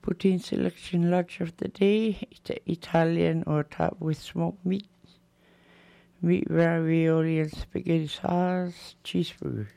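Slow gravelly announcer reading a menu. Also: medium pitch, level tone, dark tone, dry recording. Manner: slow, plain listing.

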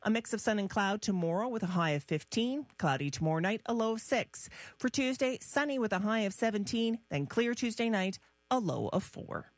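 A woman reading the local radio news and weather in a steady, measured way. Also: mid-range voice, no echo. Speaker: radio newsreader. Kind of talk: scripted news and weather read. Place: radio newsroom.

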